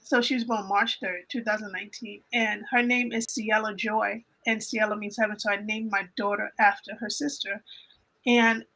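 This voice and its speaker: A woman telling an emotional personal faith story in a casual panel chat, animated and often repeating her phrases. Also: medium pitch, normal speed, creaky, low-quality recording. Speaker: guest on a livestream panel.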